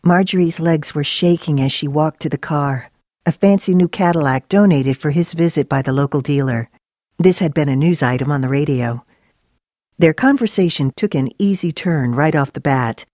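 Female narrator, low voice, even storybook reading, dry close sound. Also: moderate pace, no echo. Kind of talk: scripted narration.

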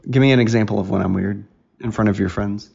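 A man's voice: lowish voice, steady tone, quick pace, vocal fry, darkish tone, a little hiss or hum. A man co-hosting a casual family podcast with his daughter, talking in a teasing, playful way. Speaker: podcast co-host, father. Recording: dull lo-fi recording.

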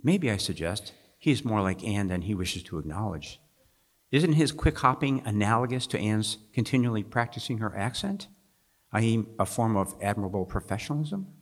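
Low-voiced male author, wry and chuckling, reads his fiction at a festival event. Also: expressive. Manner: wry, chuckling, with halting restarts when talking freely. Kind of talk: reading fiction aloud at a live festival event, then discussing. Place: festival stage.

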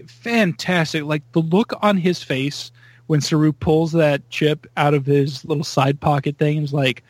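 A fairly high-voiced man chatting on a podcast, excitable and animated, jumping up in pitch as he plays out his reactions. The sound is dry and close, with no room around it. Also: unhurried, no echo. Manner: excitable, acts out his own reactions with big pitch jumps. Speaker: podcast co-host. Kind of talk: casual chat.

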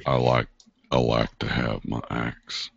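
A slow-spoken rural man who loves his axe, put on by a man in a heavy Southern drawl. He speaks low and deliberately, with a gravelly edge. The sound is a dull, lo-fi voice chat. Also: level tone, no echo, exaggerated voice. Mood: menacing.

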